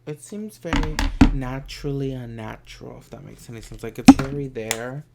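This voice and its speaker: A man's voice: medium pitch, moderate pace, creaky, very noisy. A man chatting through a makeup tutorial in a campy, sassy way, sometimes dropping into whispered asides. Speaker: makeup vlogger. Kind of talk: casual makeup tutorial chat.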